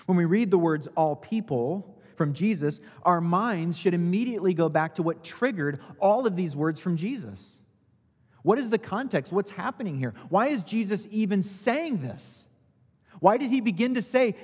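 Male pastor, sermon delivery, slightly high, husky voice, long reverb. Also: animated, moderate pace. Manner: rhetorical questions, rising and falling emphasis.

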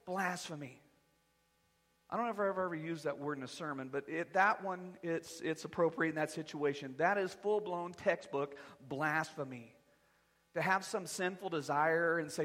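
A man preaching a sermon as pastor, animated and conversational with touches of humor. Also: sits high, normal speed, long reverb tail. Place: church sanctuary.

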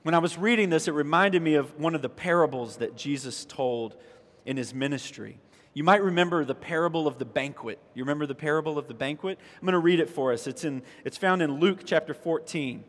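A man's voice: fairly high pitch, brisk, fairly bright tone. A man, the pastor, preaching a conversational sermon and reading scripture, pushing his voice up for emphasis. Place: church sanctuary. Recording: long reverb of a church hall.

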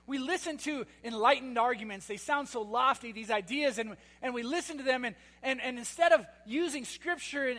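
Very high-pitched guy preaching, lots of repeats, sarcastic bits, big hall echo and a hum. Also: fairly bright tone. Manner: emphatic, repetitive, sarcastic asides. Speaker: pastor. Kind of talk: sermon. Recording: long hall reverb with mains hum.

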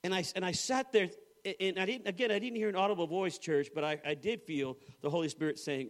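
A middle-aged male pastor with a high, light voice, preaching to a church. He tells a funny personal story, slipping into the voices of the people in it before turning to scripture. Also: fairly quick. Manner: storytelling with humor, acting out quoted voices. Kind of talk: sermon.

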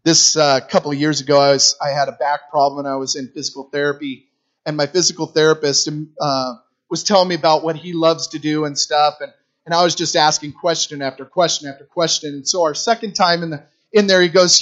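A man's voice: a little high, steady tone, brisk, a bit bright. Conversational male preacher, dull lo-fi recording. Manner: conversational, storytelling, repeats phrases for emphasis. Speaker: guest preacher for a youth ministry. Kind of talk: sermon.

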